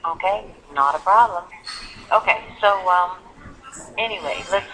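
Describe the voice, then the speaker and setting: A woman teaching English pronunciation on a video call, animated and fond of acting out examples. Her voice is bright and clear, heard over a thin, phone-like line. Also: on the low side, a little slow, slight background noise. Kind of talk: online English lesson.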